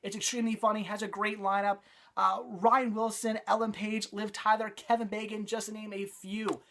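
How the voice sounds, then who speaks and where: A man's voice: sits high, little pitch movement, normal speed, a bit bright. Enthusiastic rambling male movie reviewer. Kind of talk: casual video review.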